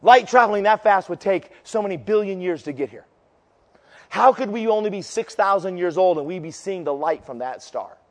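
A male preacher giving an impassioned sermon, moving between fervent declarations and quieter storytelling. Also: high-pitched, lively intonation, moderate pace, big-room sound.

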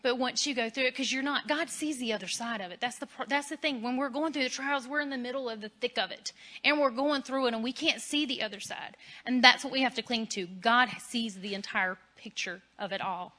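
A woman's voice: a little high, brisk, bright, forceful tone. A woman giving a casual, candid faith talk on marriage, chatty and laughing at herself. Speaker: Christian speaker on marriage.

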